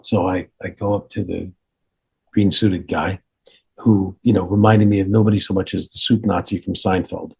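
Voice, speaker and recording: A man from Canada tells a long anecdote as a podcast guest, stopping and restarting as he acts out each exchange. His voice sits low and sounds breathy and husky. He leans into the dialogue, switching into the people in the story. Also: steady tone, moderate pace, a little mellow. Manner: hesitant restarts, acting out dialogue. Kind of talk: animated anecdote telling on a podcast.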